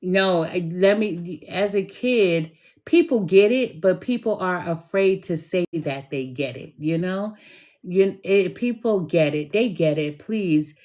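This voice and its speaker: A woman's voice: fairly low pitch, slow pace, a little mellow. A middle-aged woman, a tarot reader, telling stories in a chatty way, full of fillers and retold dialogue. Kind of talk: casual storytelling monologue.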